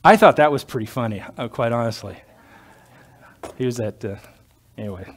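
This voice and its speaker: A man's voice: medium pitch, animated, moderate pace. Joking, rambling male pastor preaching. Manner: conversational, digressive, joking asides. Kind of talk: sermon.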